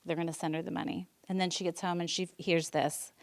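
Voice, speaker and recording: Earnest, smooth-voiced woman teacher. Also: lowish voice, level tone, fast talker, hardly any pauses. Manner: earnest, many ums and restarts. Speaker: teacher presenting at school board meeting. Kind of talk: emotional personal presentation. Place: public meeting room.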